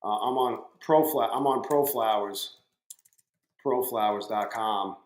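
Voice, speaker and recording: Speaking at a measured pace in a lowish voice, this livestream trading host chats from his home room, addressing viewers by name and cursing liberally. The recording carries a roomy echo.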